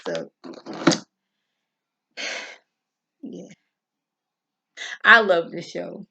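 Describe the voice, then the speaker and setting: A woman's voice: on the low side, wildly swooping pitch, very slow, vocal fry, sharp tone, slightly rough. A woman reviewing a TV episode in a casual, chatty vlog, talking straight to her viewers and acting out the characters' lines as she retells the scenes.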